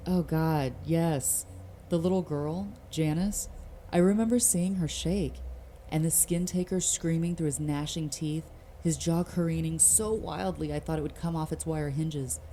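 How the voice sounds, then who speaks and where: Somber woman narrator for a creepy tale, deep mellow tone, slow delivery. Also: steady tone, a little hiss or hum. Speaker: narrator reading forum posts. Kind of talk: scripted horror story narration.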